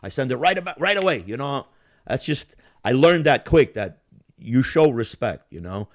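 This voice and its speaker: Man host, swearing storyteller, lively delivery, casual podcast chat. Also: medium pitch, moderate pace. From Yugoslav family roots. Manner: profane, animated storyteller acting out bar scenes.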